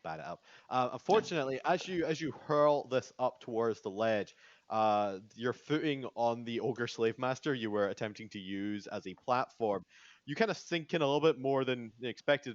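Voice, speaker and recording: A man's voice: mid-range voice, expressive, fairly quick, no room sound. A man running a tabletop game as game master, narrating with many fillers. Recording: dry, dull lo-fi sound.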